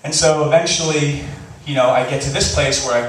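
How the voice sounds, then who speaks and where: Animated male storyteller in an echoey hall. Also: on the high side, fairly quick, few pauses, far from the mic. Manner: animated, laughing, acts out quotes. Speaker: storyteller on stage. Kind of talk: live comedic storytelling. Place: large hall before a live audience. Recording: echoey live hall recording, faint hiss.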